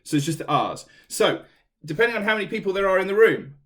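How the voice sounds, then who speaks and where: A high, fairly bright male voice with big pitch swings talks fast. He's an Englishman giving a chatty, self-deprecating online singing lesson from a room at home during lockdown, filmed on a set-up camera, with piano playing behind him.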